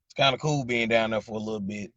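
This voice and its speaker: A man's voice: lowish voice, quick pace, fairly bright tone, no room sound, lo-fi sound. A man with a Southern accent from Arkansas, rambling in a casual live chat with viewers and repeating "you know what I'm saying". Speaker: livestream host chatting with viewers.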